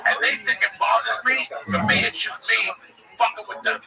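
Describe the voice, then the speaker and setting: A man's voice: very high voice, little pitch movement, normal speed, gravelly, distant mic, over a noisy crowd, poor audio. A man telling profane, rambling stories in casual chat and acting out what people said. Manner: profane, rambling, acts out quotes. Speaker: podcast host.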